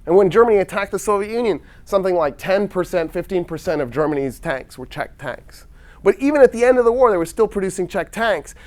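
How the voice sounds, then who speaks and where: Animated man telling history casually. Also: sits high, quick pace. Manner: animated, acts out nations in quoted dialogue, wry asides. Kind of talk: casual storytelling lecture.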